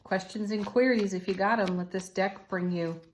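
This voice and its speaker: A woman giving an intuitive tarot card reading to her viewers, soothing and encouraging, with soft laughs. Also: mid-range voice, fairly even intonation, normal speed, a little hiss or hum. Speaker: tarot reader.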